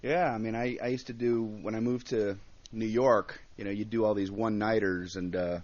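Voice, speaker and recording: A man's voice: on the low side, normal speed. A male comedian telling stories from his early career in a radio studio interview, acting out his own reactions and other people's voices. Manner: animated storyteller, acts out voices and reactions. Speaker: comedian guest. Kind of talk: storytelling interview. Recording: dull satellite radio broadcast.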